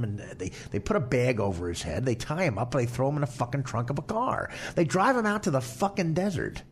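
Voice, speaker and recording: A man's voice: medium pitch, creaky, slight background noise. A middle-aged man hosting a podcast, telling a long, profane anecdote in casual chat. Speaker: podcast host.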